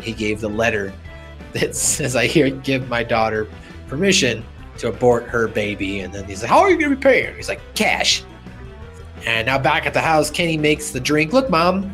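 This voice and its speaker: A man co-hosting a casual podcast, retelling cartoon scenes and jumping into high put-on character voices. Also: fairly bright tone. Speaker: podcast co-host.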